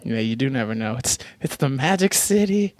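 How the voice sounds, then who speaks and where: A young man hosts a podcast, chatting casually in a rambling, self-deprecating way and laughing often. His mid-range voice is animated and his pace moderate.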